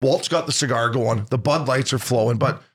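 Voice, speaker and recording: A man co-hosting a hockey podcast in a studio, jumping in with quick, excited stories and reactions. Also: mid-range voice. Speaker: podcast co-host. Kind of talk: casual chat.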